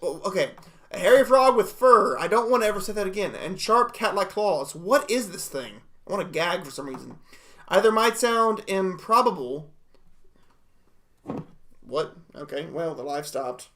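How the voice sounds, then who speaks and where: A young man hosting a casual reaction livestream, excitable and exclamatory, laughing often. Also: sits high, moderate pace. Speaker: livestream host.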